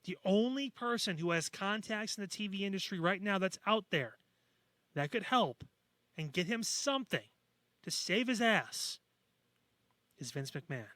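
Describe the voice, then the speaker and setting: A man's voice: high voice, animated, unhurried, pauses often, pushed and bright, no echo. A man co-hosting a podcast in casual chat, blunt and sarcastic, with frequent swearing. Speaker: podcast co-host.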